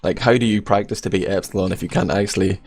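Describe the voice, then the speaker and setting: A man's voice: deep voice, steady tone, creaky, darkish tone. A young Irish man casting an esports match with casual, joking banter. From Ireland. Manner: jokey, casual, quick banter. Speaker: esports caster. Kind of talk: live esports commentary.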